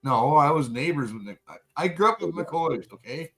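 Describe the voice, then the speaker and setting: A man hosting a late-night casual chat, rambling and swearing freely, with an animated, profane delivery. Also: a little high, moderate pace, poor audio. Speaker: podcast host.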